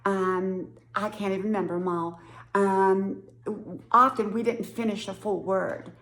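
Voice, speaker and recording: A woman's voice: medium pitch, steady tone, a little slow, fairly bright tone, reverberant. A woman in her sixties from West Virginia with an Appalachian accent, chatting casually to camera in a folksy way and laughing often. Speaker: vlogger.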